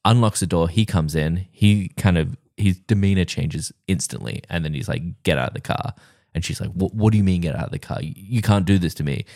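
A man's voice: sits low, brisk, few pauses, a little mellow, no echo, studio quality. A man co-hosting a casual podcast, recapping a show's scenes and acting out the characters' lines as he goes. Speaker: podcast co-host. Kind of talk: casual chat recapping a show.

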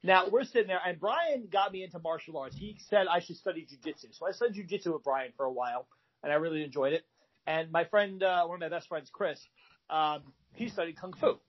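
A man with a high, husky voice spins a rambling bar story as a podcast guest, stopping and restarting often. The sound is dull and lo-fi. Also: brisk. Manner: rambling with frequent fillers and restarts. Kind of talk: animated storytelling.

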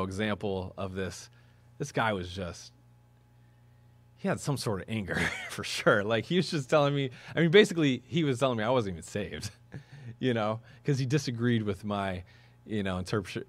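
Earnest, conversational male pastor preaching. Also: lowish voice. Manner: conversational and earnest, with sudden emphatic rises. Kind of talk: sermon. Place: church.

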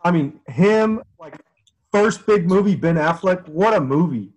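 A man's voice: high voice, lively intonation, measured pace, darkish tone, poor audio. A man co-hosting a podcast, chatting casually, laughing easily and leaning on fillers. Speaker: podcast co-host. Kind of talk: casual chat.

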